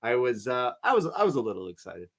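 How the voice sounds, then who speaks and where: A man co-hosting a podcast, telling wrestling stories in a lively, laughing way. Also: medium pitch, fast. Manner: animated storyteller, laughs often. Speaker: podcast co-host. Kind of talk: casual wrestling recap chat.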